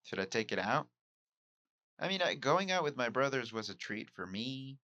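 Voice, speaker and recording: A man's voice: mid-range voice, very animated, moderate pace, bright, forceful tone, no room sound, highs cut off. A man from Mexico who hosts a podcast and does stand-up, talking through his week in a reflective solo monologue, musing and candid. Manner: musing, self-questioning, candid. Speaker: podcast host and amateur stand-up comic.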